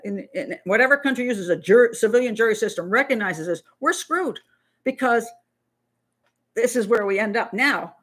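A middle-aged woman hosting a live Q&A stream as a criminal profiler. Her voice sits a little high. She talks bluntly and animatedly, often restarting her sentences. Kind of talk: casual live-stream talk.

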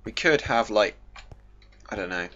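A young man casually commentating his gameplay, goofy and chatty, joking with himself. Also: a little slow. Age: young adult. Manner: chatty and goofy, jokes to himself, lively pitch jumps. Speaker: gaming YouTuber. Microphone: desk microphone. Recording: dull home mic with faint hiss.

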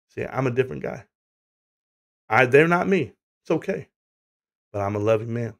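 A man's voice: mid-range voice, lively intonation, normal speed, creaky, pauses often. A man hosting a casual livestream chat, rambling, swearing and laughing through stories, from the United States. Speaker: livestream host.

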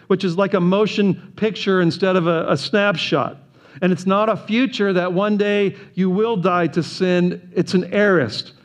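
A pastor in a church sanctuary delivers his sermon with earnest emphasis. His voice sits a little high for a man, and he drives his points home with repeated rhetorical questions that climb as he goes. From United States.

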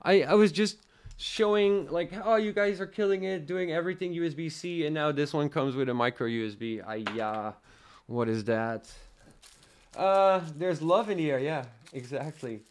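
This tech livestream host is a young Dutch man from the Netherlands whose slightly high voice has a clean tone and a moderate pace. Speaking with a faint Dutch accent, he runs a relaxed live product review, chatting to viewers and rambling with lots of fillers.

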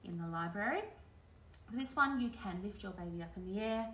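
A woman runs a sing-along for babies and toddlers in a library, and her voice sounds bright and high. She sings simple nursery tunes and chats to the little children in a cheerful sing-song way. The room echoes, and she stands a little back from the mic. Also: lively intonation, moderate pace, distant mic, slight background noise. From Australia. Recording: roomy echo, a little off-mic.

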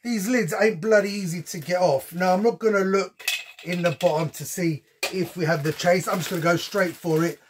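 A man's voice: high-pitched, normal speed, background noise. A man chatting casually as he unboxes a collectible for his channel, with frequent ums and slang. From United Kingdom. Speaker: unboxing vlogger.

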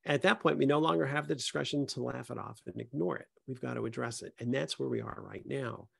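A man's voice: medium pitch, fast talker, creaky, a bit bright, slightly rough, no echo, studio quality. A middle-aged man, an HR consultant, talking on a panel and acting out both sides of a tough workplace conversation. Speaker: HR consultant and speaker. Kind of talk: panel talk with acted-out workplace dialogue.

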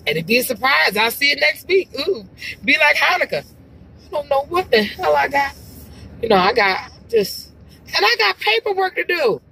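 A woman's voice: sits high, sing-song, normal speed, creaky, pushed and bright, slight background noise, low-quality recording. A woman vlogging from her car as she drives, chatting in a rambling, exclamatory way with sighs. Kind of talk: casual chat to camera while driving. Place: car, driving.

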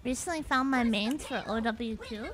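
A woman's voice: fairly high pitch, moderate pace, crowd noise. A woman streaming a game, chatting casually in a playful, teasing and sarcastic way. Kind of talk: casual gaming chat.

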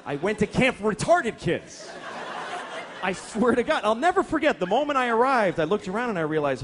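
A man's voice: high-pitched, sing-song, brisk, crowd noise, background noise. A man doing a crude, exasperated stand-up routine on stage and acting out characters along the way. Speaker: stand-up comedian. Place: stage before a live audience. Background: audience laughter.

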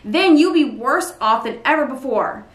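A woman's voice: high-pitched, animated, moderate pace. A woman reading as a blunt army general. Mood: stern. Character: commanding army general rebuking a grieving king. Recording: roomy echo, mic at a distance.

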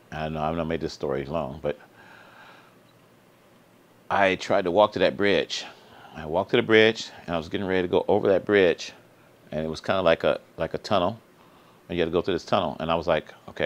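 Low-voiced man telling a story earnestly. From Sacramento area. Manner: earnest, repetitive, slangy, voice climbs high when excited. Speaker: vlog host. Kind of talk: casual personal storytelling.

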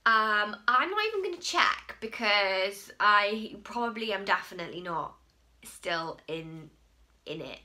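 A woman's voice: medium pitch, expressive, slow, pushed and bright. A woman in her late twenties hosting a podcast in casual, rambling chat, laughing at her own slips. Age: late 20s. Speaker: podcast host.

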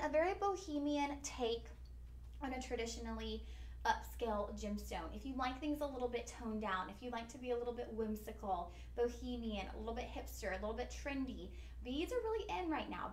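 A woman's voice: on the high side, a little hiss or hum. A woman hosting a live shopping stream, chatty, upbeat and a bit goofy. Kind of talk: live-stream jewelry selling. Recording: echoey studio room.

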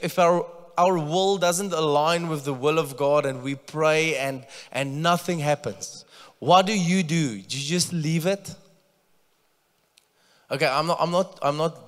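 A man preaching a sermon as pastor, conversational and often repeating words as he starts a sentence. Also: a little high. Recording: long church reverb.

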